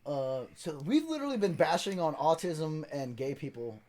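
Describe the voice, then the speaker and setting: A man's voice: on the high side, animated, moderate pace, over a noisy crowd. A man co-hosting a casual podcast, crude and joking, acting out voices in his stories. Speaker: podcast co-host. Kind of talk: casual chat.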